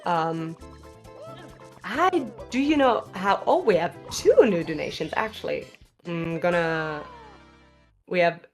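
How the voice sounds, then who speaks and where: A woman's voice: fairly low pitch, lively intonation, slow, long pauses, soft background music. Chatty woman with a slight lisp. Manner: chatty, laughs often, restarts phrases. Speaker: speedrun commentator. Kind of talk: casual live-stream commentary. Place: commentary booth.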